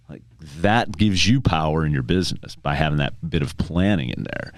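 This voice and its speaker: Deep-voiced man telling stories on a podcast. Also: animated, no echo, clean studio sound. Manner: storytelling, acts out clients in quick dialogue. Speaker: tax preparer, podcast guest. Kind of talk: casual podcast conversation.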